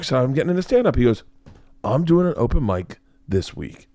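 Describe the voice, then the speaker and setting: A man's voice: medium pitch, lively intonation, fast, darkish tone, dry recording. A man hosting a podcast, telling a rambling story in casual chat, swearing and laughing often. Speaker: podcast host and comedian.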